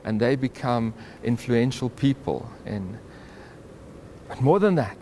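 A man teaches a Bible story in a relaxed, conversational way. His voice sits at a middle pitch, and he chuckles and restarts his sentences as he goes. Faint background noise runs under his voice. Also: slow. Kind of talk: informal Bible story retelling.

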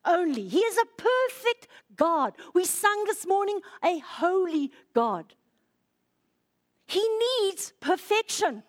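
A woman preaching a sermon in church, emotional, swinging from loud, stirring lines to hushed, quiet ones. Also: extremely high pitch, very animated, slow pace. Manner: emotional, rises loud then drops to hushed.

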